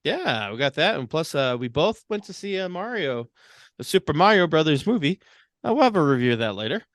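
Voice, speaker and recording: A man's voice: fairly high pitch, sing-song, fairly quick, a bit bright, no room sound, studio quality. A man co-hosting a casual podcast who says uh a lot and laughs easily. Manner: many uh fillers, laughs easily, upbeat. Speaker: podcast co-host.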